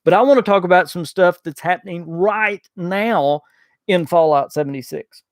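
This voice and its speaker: A man's voice: high-pitched, moderate pace, no room sound, clean studio sound. A man with a thick Southern US accent, hosting a casual livestream podcast, chatting folksily and reading viewer messages. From Southern United States. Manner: folksy, chatty, loses his train of thought with many uh fillers. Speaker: podcast host. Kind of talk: casual livestream chat reading super chats.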